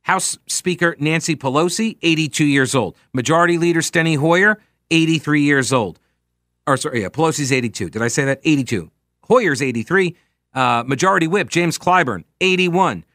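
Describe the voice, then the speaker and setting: A man's voice: on the high side, animated, moderate pace, fairly bright tone, no room sound, clean studio sound. A man hosting a talk radio show, giving opinionated political commentary in a sarcastic tone, full of rhetorical questions.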